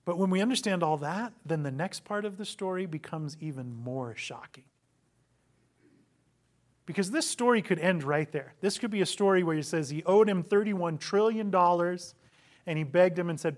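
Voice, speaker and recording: A man's voice: sits high, lively intonation, normal speed. A man preaching a sermon, telling a parable with rhetorical questions and acted-out quotes. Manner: dramatic storytelling, acting out quotes, rhetorical questions. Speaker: pastor.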